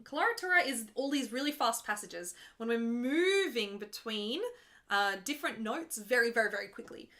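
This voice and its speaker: A young adult woman who sings opera chats jokingly on a live stream while explaining arias to viewers, sometimes breaking into full operatic singing. Her voice is fairly high, bright and forceful, expressive, and moderately paced.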